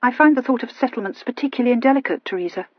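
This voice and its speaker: A woman's voice: rapid-fire, no echo, highs cut off, lightly acted. Woman doing a prim, reproving young lady. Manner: prim, intoning and high-minded.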